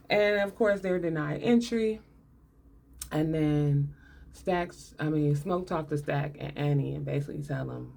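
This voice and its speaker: Woman, lowish voice, sarcastic, chatty movie recap, frequent laughter. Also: unhurried, gravelly, a little mellow, slight background noise. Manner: sarcastic, laughs often, colloquial. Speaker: movie commentator. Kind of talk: casual movie breakdown.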